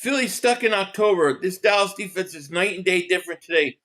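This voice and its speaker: A man's voice: high-pitched, lively intonation, fairly quick, a bit bright. A man hosting a live sports reaction stream, trash-talking and sarcastic as he chats with viewers.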